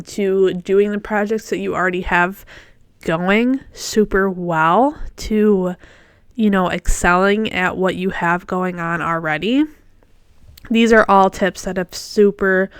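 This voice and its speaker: A woman's voice: mid-range voice, fairly bright tone, clean tone, dry recording. Chatty woman hosting a casual podcast. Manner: chatty and encouraging, with fillers and self-corrections. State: morning voice. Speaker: podcast host. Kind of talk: casual solo podcast talk.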